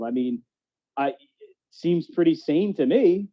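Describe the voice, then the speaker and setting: A man's voice: a little high, moderate pace. A man co-hosting a podcast in casual chat, rambling loosely and often asking "you know what I mean". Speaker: podcast co-host. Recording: dull lo-fi audio.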